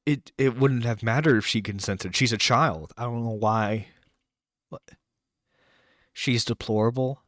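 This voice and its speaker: An internet radio host reacts to a clip on his live stream, launching into an exasperated, incredulous rant with some swearing, close to the mic. His mid-range voice is a bit bright and a little slow, with long pauses and no room sound.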